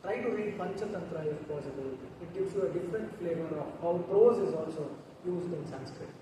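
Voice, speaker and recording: A man with an Indian English accent giving a talk on poetry, chanting verses slowly and melodically between explanations. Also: a little high, mellow. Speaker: guest speaker on Sanskrit poetry. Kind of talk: lecture with recited Sanskrit verses. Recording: echoey hall, distant mic, noticeable noise.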